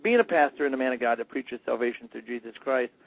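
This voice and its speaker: A man's voice: mid-range voice, fast talker, gravelly, dry recording. A man hosting a radio talk show, asking blunt questions with a sarcastic edge. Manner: blunt, sarcastic, plain-spoken. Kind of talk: radio interview. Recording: dry, phone-like audio.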